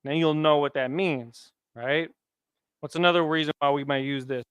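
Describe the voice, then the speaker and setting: A man leads a classroom lesson in a relaxed, conversational way, tossing questions to his students. His voice sits a bit high and comes across smooth and clear. The recording is dry and close. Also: normal speed, no room sound. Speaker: Hebrew teacher.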